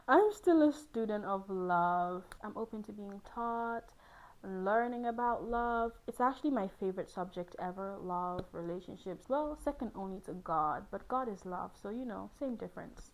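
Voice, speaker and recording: A woman's voice: mid-range voice, poor audio. A young woman hosting, speaking candidly and playfully about love and relationships, laughing often. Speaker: host on a hot seat. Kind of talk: candid personal talk on love.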